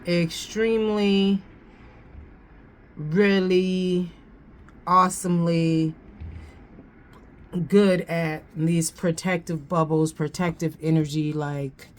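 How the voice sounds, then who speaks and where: Woman, tarot reader, slow and unhurried, a bit low-pitched, slangy, repeats herself, casual reading. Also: steady tone. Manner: slangy, thinks aloud, repeats phrases.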